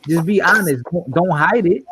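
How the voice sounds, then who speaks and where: A man's voice: sits high, expressive, moderate pace, crowd noise. A man in a casual group audio chat, emphatic, repeating phrases and restarting sentences.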